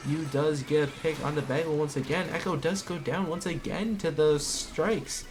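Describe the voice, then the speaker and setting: A man casting an esports match alone from home, calling plays and then talking more quietly so as not to wake others. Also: a little high, slight background noise. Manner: rapid excited calls, then quieter. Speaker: esports caster. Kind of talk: solo play-by-play commentary.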